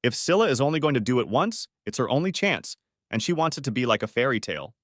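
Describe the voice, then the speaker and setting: A man reading a story aloud, voicing a calm, level-headed wife who asks thoughtful, probing questions. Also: mid-range voice, quick pace, dry recording, studio quality, pitched above the performer's own voice.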